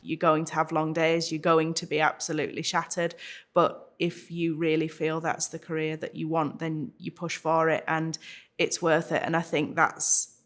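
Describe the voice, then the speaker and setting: An English woman barrister speaking in a measured, steady way in a documentary interview. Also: sits low.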